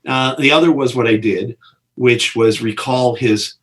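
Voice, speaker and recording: A man's voice: medium pitch, a little slow. A middle-aged man, a film director, telling behind-the-scenes stories in an interview and acting out the people he quotes. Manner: animated storyteller who acts out quotes with big voices. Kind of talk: storytelling in an interview.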